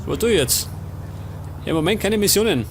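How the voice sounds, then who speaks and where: A man's voice: sits high, expressive, fairly quick, creaky. A man with a Bavarian accent giving casual let's play commentary, muttering to himself as he plays. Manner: muttering to himself while playing. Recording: commentary over noisy game audio.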